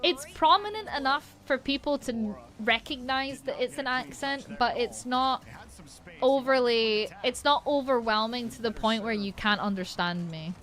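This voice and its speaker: Speaking at a normal speed in a fairly high, slightly bright voice, a Polish woman chats casually on a gaming stream. She has a Polish accent, curses now and then, and frequently starts her sentences over.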